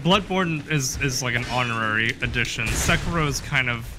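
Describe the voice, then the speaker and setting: A man chatting casually as a co-host on a game stream, halting and repeating words as he thinks aloud. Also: medium pitch, animated, music in the background. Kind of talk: casual chat.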